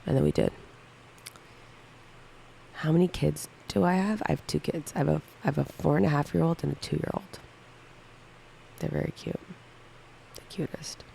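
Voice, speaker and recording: A woman's voice: sits low, brisk, vocal fry, long pauses, warm tone, slight background noise, poor audio. A woman in her thirties chatting casually on a livestream, candidly answering viewer questions one by one. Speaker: livestream co-host.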